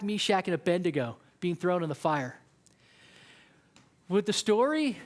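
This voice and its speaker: A man preaching a casual, conversational sermon, often acting out what people in the story say. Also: high voice. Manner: conversational preaching, acts out quoted voices. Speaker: youth pastor.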